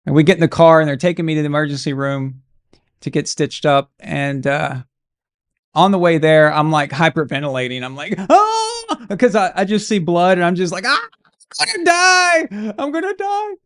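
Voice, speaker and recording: A man's voice: fairly high pitch, a little fast, smooth. Chatty man on a live game stream. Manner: casual, encouraging, chatty. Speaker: watch-along stream host. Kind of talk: live game watch-along commentary and storytelling.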